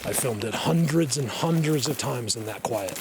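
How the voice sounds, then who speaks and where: A man vlogging casually while walking through a snowy forest, rambling and excitable, often laughing and dropping to a hushed voice. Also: mid-range voice, moderate pace, creaky, very noisy. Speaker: vlogger, Bigfoot researcher. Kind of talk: casual hiking vlog.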